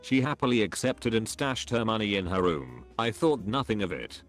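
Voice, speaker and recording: A man's voice: on the low side, expressive, moderate pace, soft background music. A man reading stories aloud as a narrator, in a scripted storytelling style.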